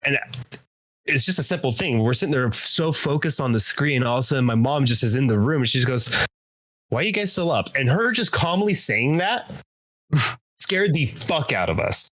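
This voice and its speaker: A man's voice: mid-range voice, expressive, normal speed, a bit bright, no room sound. A man co-hosting a podcast, telling a rambling story with laughter and swearing. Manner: rambling, laughs between lines, profane. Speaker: podcast co-host. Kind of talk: casual storytelling.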